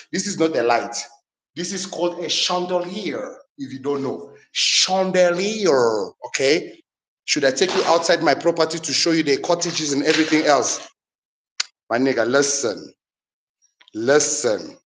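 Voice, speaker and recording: A man, indignant and heated as he walks through his house on a live stream. He swears freely and repeats his points over and over, in a voice of ordinary middle pitch. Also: fairly bright tone. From Angola.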